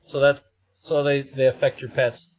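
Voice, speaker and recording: A man's voice: medium pitch, flat delivery, moderate pace, rough recording. A man chatting casually on a live stream, joking and rambling while he tries out camera filters. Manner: joking, rambling, self-deprecating.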